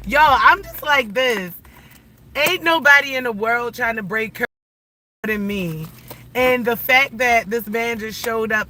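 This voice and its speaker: A woman live-streaming casual chat, telling stories to viewers in a loose, profane way from inside a car. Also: a little high. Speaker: livestream host.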